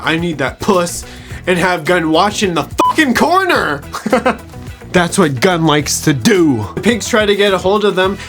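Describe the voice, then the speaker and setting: Brash male reviewer, high voice, swearing and sneering through a casual show recap. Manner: crude, mocking, swearing, laughing at own jokes. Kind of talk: casual episode recap commentary.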